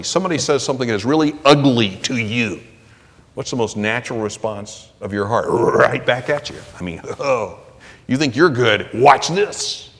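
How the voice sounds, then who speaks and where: A man preaching a sermon as a pastor, emphatic, lifting his voice for scripture readings. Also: mid-range voice. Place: church sanctuary. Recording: long reverb of a large hall.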